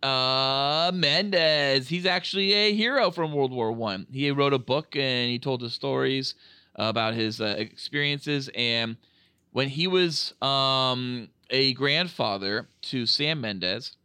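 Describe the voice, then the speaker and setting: A man hosting a casual movie review podcast, talking in an animated, jokey way with plenty of swearing. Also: mid-range voice, slow, clean tone, no echo. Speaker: podcast host. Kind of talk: casual film review chat.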